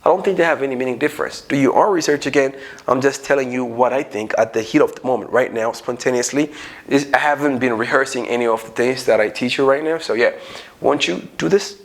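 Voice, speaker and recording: A man's voice: mid-range voice, fast talker. A man with an Ethiopian accent teaching an unscripted English grammar lesson, acting out little everyday dialogues as he explains. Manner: animated, acts out little dialogues.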